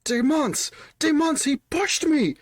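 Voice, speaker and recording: A man voicing a young female adventurer yelling up from the bottom of a pit. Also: fairly high pitch, a little slow, no room sound, studio quality. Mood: panicked. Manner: yelling up from far below.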